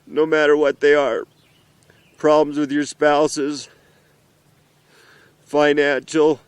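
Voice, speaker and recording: A middle-aged father, emotional and earnest, speaking haltingly outdoors in the mountains in a heartfelt message to his children. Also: a little high, flat delivery, clear, resonant tone, no echo. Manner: earnest, halting, with pauses and restarts.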